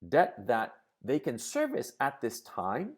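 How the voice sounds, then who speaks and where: This man's medium-pitched voice swoops wildly in pitch as he talks slowly on his live stream. His rant covers politics and the economy, full of swearing, everyday examples, sarcastic mock quotes, and check-ins with viewers.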